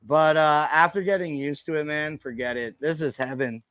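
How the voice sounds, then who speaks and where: A man's voice: fairly high pitch, fairly even intonation, moderate pace, a bit bright, clear, resonant tone, dry recording. A man hosting a casual shopping livestream, chatty and full of fillers, calling the audience dude and bro from his desk. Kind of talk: casual product showcase livestream. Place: small room at a desk. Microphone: desk microphone.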